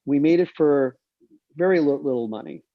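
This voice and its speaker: A man's voice: on the high side, normal speed, no echo. A man in his sixties, a film director, telling rambling career anecdotes and acting out the quoted dialogue. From United States. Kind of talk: casual anecdotal storytelling. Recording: dull lo-fi sound.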